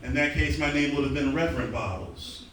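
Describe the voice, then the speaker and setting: In an underground comedy club, a Southern American man does profane live stand-up and banters with the crowd, speaking briskly in a slightly high voice. A distant mic picks him up amid echo and a loud audience.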